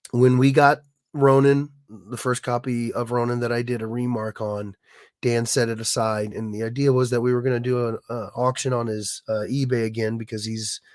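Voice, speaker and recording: Hoarse sick man chatting on a livestream. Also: mid-range voice, a little mellow, dry recording, clean studio sound. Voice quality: raspy. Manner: halting, many restarts and fillers. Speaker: livestream host, illustrator. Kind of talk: casual livestream chat.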